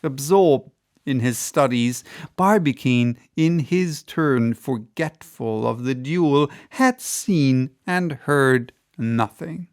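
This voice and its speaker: A man reading a classic novel aloud as an audiobook narrator, measured and even. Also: medium pitch. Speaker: audiobook reader.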